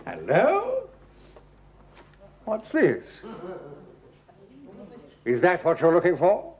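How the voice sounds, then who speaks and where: An actor playing a smooth, snobbish gentleman with a posh English accent in a studio sitcom, genteel and affectedly polite. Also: high-pitched, huge pitch swings, extremely slow, heavily acted. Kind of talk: 1970s studio sitcom acting.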